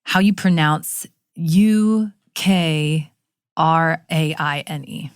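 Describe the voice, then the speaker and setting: A woman with an East Tennessee accent co-hosting a news podcast, bantering playfully with her partner. Her voice is unusually low for a woman. It is recorded dry and close. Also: very slow, clean tone, no room sound. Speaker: podcast co-host. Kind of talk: casual news discussion.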